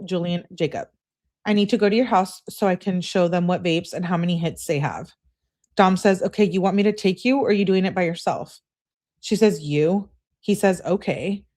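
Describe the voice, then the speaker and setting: A woman hosting a true-crime channel, reading a couple's text messages aloud in a casual way and breaking off for quick remarks of her own. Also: on the low side, a little mellow. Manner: reads texts aloud, breaks off with quick asides. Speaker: host reading case evidence.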